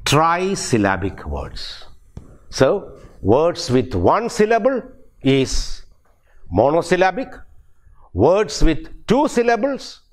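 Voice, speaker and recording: An older man from India, an English professor giving a recorded university lecture, speaking deliberately and spelling words out letter by letter. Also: on the high side.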